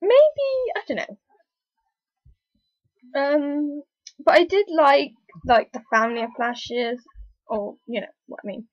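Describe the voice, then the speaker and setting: A woman talking casually in a review vlog, rambling and hesitant with lots of fillers, an excitable fan. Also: high voice, unhurried, no echo. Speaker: TV episode reviewer. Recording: dull lo-fi, dry recording.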